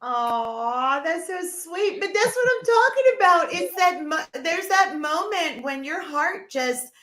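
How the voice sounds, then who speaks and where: A woman co-hosting a podcast, reacting with quick remarks and lots of laughter. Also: extremely high pitch, expressive, fairly bright tone, a little hiss or hum. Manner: laughs a lot, reacts with short interjections. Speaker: podcast co-host. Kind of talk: casual live podcast chat. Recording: roomy echo.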